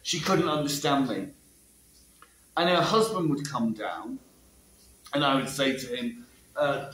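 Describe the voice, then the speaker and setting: A man's voice: medium pitch, measured pace, long pauses, fairly bright tone, slight background noise. A man explaining ideas about language learning in a casual monologue, asking rhetorical questions and tagging his sentences with "yeah?". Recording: echoey room.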